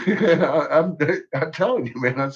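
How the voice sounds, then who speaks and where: A man's voice: on the high side, expressive, a little slow, slightly rough, highs cut off. A man livestreaming to his chat in a profane, rambling rant, laughing often. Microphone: own microphone.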